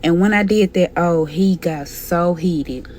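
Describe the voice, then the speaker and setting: A woman's voice: lowish voice, a little slow, darkish tone, a little hiss or hum. A young adult woman telling a personal story in a blunt, profane, candid way. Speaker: storytime vlogger. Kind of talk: casual storytelling.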